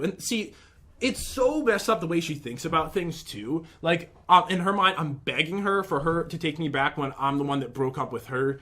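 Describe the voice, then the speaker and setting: A man's voice: on the high side, animated, normal speed, sharp tone. A young man in casual commentary, rambling and aggrieved as he reads out and picks apart messages from an ex. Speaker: vlogger.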